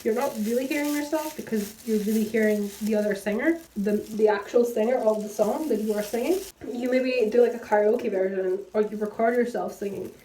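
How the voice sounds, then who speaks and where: A woman's voice: medium pitch, warm tone, a little hiss or hum. Chatty woman in an echoey room. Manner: rambling, chatty, full of fillers, laughs at herself. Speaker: book vlogger. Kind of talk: casual chat while dyeing hair. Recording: roomy echo, slightly distant.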